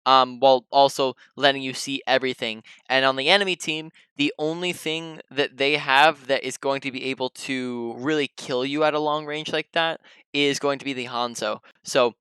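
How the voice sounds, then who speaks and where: A man's voice: medium pitch, sharp tone, clean tone, dry recording. A man coaching a player through a gameplay review, explaining at length with frequent ums and restarted sentences. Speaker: game coach.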